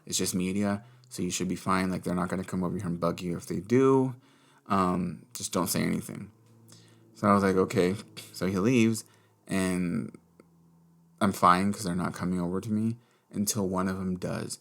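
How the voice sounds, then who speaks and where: A man's voice: low voice, steady tone, moderate pace, creaky, a bit bright. A young adult man hosting a podcast, candidly telling a personal story in casual chat, swearing freely and acting out what people said. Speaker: podcast host.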